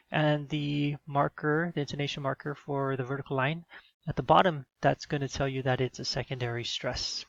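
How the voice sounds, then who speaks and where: A man's voice: a little high, creaky, a bit bright, no echo, highs cut off. A man giving a recorded teaching demo, explaining in an instructional way with some fillers.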